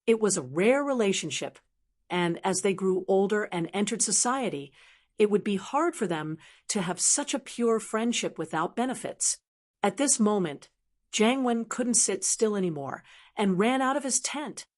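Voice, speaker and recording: A woman narrating a web novel audiobook with a steady, even reading. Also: mid-range voice, normal speed.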